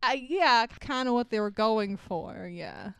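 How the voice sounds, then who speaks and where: A woman's voice: fairly high pitch, expressive, measured pace, vocal fry, fairly bright tone, clean tone, dry recording, studio quality. A young woman co-hosting a podcast, recapping a movie in casual chat, laughing, swearing and acting out lines. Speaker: podcast co-host.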